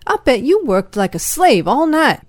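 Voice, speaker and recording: A woman putting on a booming, good-humored backwoods man who slaps your shoulder as he talks. His voice rides high and loud, full of folksy cheer, in a dry, close storybook reading. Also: big pitch swings, moderate pace, no echo. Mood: jovial. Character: jovial, hearty male moonshiner friend.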